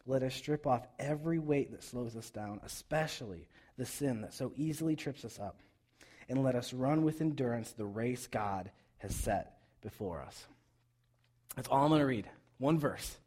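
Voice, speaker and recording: A man's voice: medium pitch, slightly rough. Young man preaching with rising energy. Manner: conversational preaching, swings between quiet and loud urging. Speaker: pastor. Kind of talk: sermon. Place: church.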